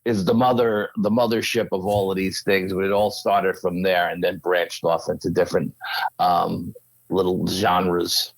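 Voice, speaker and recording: A man's voice: low-pitched, level tone, measured pace, vocal fry, no room sound, poor audio. A man in his sixties with a thick Bronx New York accent, chatting casually and rambling a little as a guest. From Yonkers, New York. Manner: chatty, rambling, laughs often. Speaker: guest paranormal researcher. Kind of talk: casual chat.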